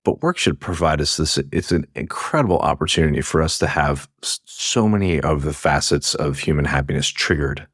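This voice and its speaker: Deep-voiced man, rambling guest. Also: expressive, brisk, few pauses, fairly bright tone, no echo, studio quality. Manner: rambling, self-interrupting, laughs often. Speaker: guest, happiness speaker. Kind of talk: casual podcast conversation.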